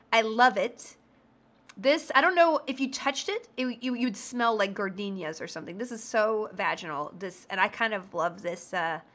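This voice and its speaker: A woman's voice: on the high side, bright, forceful tone. A woman streaming herself making a game character, chatting casually and joking with her viewers in a bubbly, irreverent way. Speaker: streamer playing a role-playing game. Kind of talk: casual livestream commentary, reading chat.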